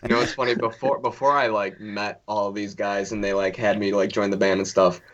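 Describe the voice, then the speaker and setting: A man's voice: lowish voice, little pitch movement, fairly quick, crowd noise. A man from Wisconsin who plays in a band, chatting laid-back as a guest, chuckling and restarting his sentences. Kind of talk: casual interview chat. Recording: dull lo-fi sound.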